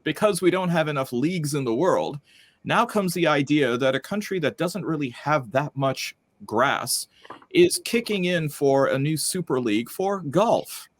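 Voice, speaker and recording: A man's voice: a little high, lively intonation, measured pace. A man hosting a panel discussion over a video call, wry and joking as he runs through the news. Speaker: host.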